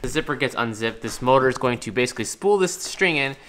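A man's voice: mid-range voice, expressive, quick pace, a bit bright. A young man hosting a casual workshop vlog, joking offhandedly with friends while building a model plane. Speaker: channel host building an RC plane. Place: indoor workshop. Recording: noisy workshop background.

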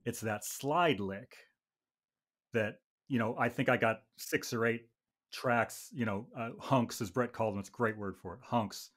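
A man's voice: mid-range voice, unhurried, a bit bright. A man hosting a casual podcast chat about music, talking in a wry, rambling way with frequent restarts. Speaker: podcast host and bandmate.

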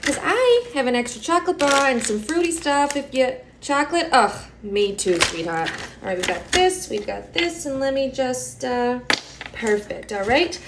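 A woman acts out a doting school nurse, syrupy sweet and forever calling people honey. Her voice is high, and a steady hiss runs under the recording. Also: normal speed. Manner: sugary, calls everyone honey and sweetheart.

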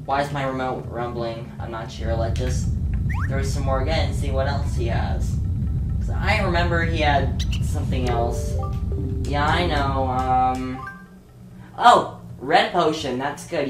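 A woman gives casual let's play commentary, chatting to herself and breaking into sudden excited yelps. Her voice is low and her talk is unhurried. It is recorded in an echoey room with game music under it.

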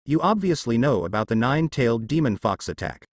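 Man as a kind, earnest young ninja teacher in a storybook reading. Animated, dry close sound. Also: medium pitch, brisk, no room sound.

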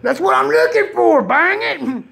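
Gravelly man hosting a profane chat. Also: extremely high pitch, sing-song, a little slow, sharp tone. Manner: profane, rambling, laughs a lot. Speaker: host. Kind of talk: casual crude comedic chat.

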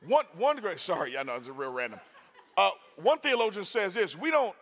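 Male preacher, high voice, lively, talks with the crowd, bursts loud. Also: a little fast. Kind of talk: sermon. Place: university chapel.

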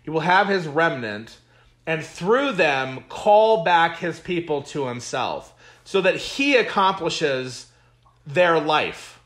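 Slow, emphatic preaching man. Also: on the high side, expressive, a bit bright. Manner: emphatic, repetitive preaching cadence; reads scripture aloud with comments. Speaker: pastor. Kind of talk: Bible study teaching.

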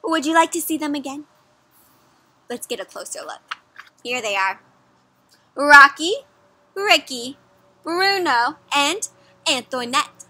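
A young woman reading a picture book aloud for children, animated, often pausing to ask her listeners questions. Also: high voice, dry recording. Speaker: children's storyteller. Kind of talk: interactive read-aloud for kids.

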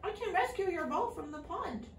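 A woman voicing a small friendly croaking frog. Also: very animated, normal speed, exaggerated voice. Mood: coaxing. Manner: high, coaxing and friendly. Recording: echoey room, far from the mic, faint noise.

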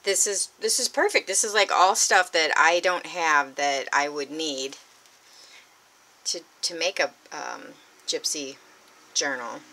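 Excitable woman crafter, bright, lowish voice, gushes and whispers. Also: takes it slowly. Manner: gushing, excitable, drifts into breathy whispers. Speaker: crafting vlogger. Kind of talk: unboxing vlog.

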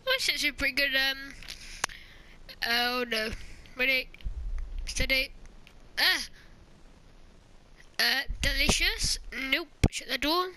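A woman's voice: high-pitched, slow pace, long pauses, noisy background. A woman commenting while playing a horror game, chatty and joking, with shrieks at scares. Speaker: gamer. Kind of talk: let's play commentary.

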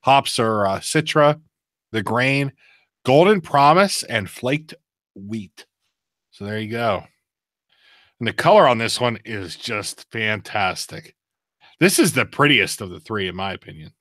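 A man's voice: expressive, unhurried, long pauses, a bit bright, no room sound, clean studio sound. A man co-hosting a casual live beer review podcast, chatty and prone to hard laughing fits. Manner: laughs hard, high giggly outbursts.

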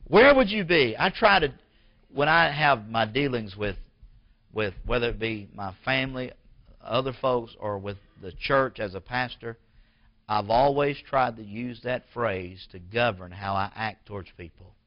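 A male pastor preaching a sermon, emphatic, swelling louder and higher as he presses his points and asks the congregation questions. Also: a little slow, highs cut off.

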